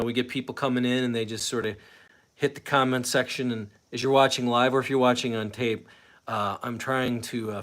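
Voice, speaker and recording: A man's voice: mid-range voice, a bit bright. A man hosting a casual live stream from his home, rambling and chatting with viewers and his dog, at times out of breath. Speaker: host of a live fan stream.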